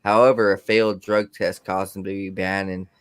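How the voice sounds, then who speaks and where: Low-voiced man reading news on a podcast. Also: little pitch movement, moderate pace, fairly bright tone, smooth, dry recording. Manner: reads news items aloud with stumbles and restarts. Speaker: podcast co-host. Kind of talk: casual podcast chat.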